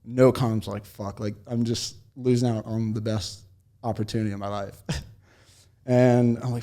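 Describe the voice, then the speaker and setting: A young man chatting casually as a podcast guest, telling long stories in a relaxed way and laughing often. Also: medium pitch, normal speed. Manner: laid-back storytelling with frequent laughs. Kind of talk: casual chat.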